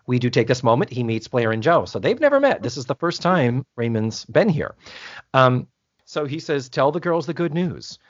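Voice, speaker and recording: A man's voice: medium pitch, big pitch swings, moderate pace, no room sound. A man co-hosting a podcast, chatting casually as he recaps a TV episode, acting out the characters' lines and swearing freely. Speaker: podcast co-host. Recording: dull lo-fi dry sound.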